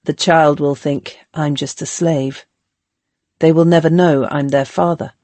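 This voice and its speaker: A woman's voice: sits low, steady tone, a little slow, mellow, dry recording. A woman reading an anxious, tender male slave.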